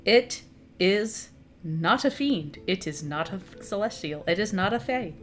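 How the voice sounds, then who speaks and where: Woman DM, easygoing descriptive narration over soft music. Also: mid-range voice, a little slow. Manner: relaxed narration with fillers and laughs. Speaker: dungeon master. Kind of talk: narrating a tabletop game.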